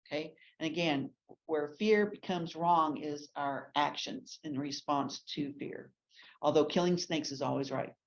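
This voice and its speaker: A woman's voice: low voice, a little slow. A woman from Texas, teaching a ladies' Bible class in a chatty way full of restarts and asides. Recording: dull lo-fi recording.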